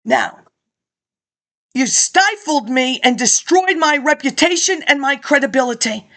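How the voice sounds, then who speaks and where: A woman's voice: high voice, lively intonation, measured pace, bright, forceful tone. A woman talking casually and reading out narration, chatty and laughing now and then. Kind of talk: casual talk mixed with read narration.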